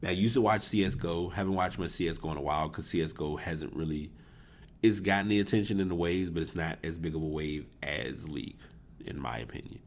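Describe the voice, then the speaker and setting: Very deep-voiced man hosting a podcast. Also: fast talker, a little hiss or hum. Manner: rambling, self-correcting, chuckles at himself. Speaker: podcast host. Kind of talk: casual solo podcast talk about esports. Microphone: desk USB microphone.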